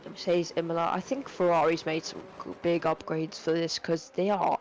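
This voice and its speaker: A man's voice: on the high side, flat delivery, normal speed, slight background noise, poor audio. A young man giving live sim racing commentary, rambling with lots of fillers and self-corrections. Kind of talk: live esports race commentary.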